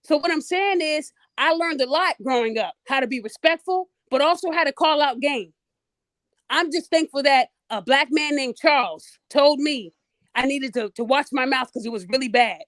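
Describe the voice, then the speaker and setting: A middle-aged woman with a high, fairly bright voice hosts a podcast, telling a story bluntly and with plenty of energy at a normal speed. It's a casual storytelling monologue aimed straight at her listeners, recorded dry and close.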